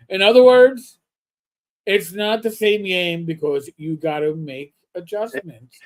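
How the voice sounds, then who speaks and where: A man's voice: sits high, a little slow. A middle-aged man co-hosting a casual gaming livestream, reading quotes aloud with wry asides. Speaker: podcast co-host.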